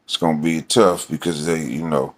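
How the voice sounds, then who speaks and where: A man's voice: rumbling low, fairly even intonation, moderate pace. A man ranting casually about his team, rambling and profane, with many fillers. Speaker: sports fan vlogger. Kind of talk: casual fan rant.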